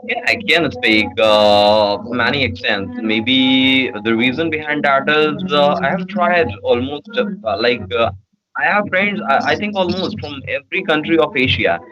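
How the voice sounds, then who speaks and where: A man's voice: mid-range voice, lively intonation, a little slow, over music, poor audio. A man from Bihar with an Indian accent, answering interview questions in a hesitant way with many fillers. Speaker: guest.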